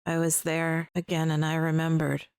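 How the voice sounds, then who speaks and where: Woman player, low and dry, eager. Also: monotone, moderate pace, darkish tone, clean tone, no room sound. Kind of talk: tabletop role-play.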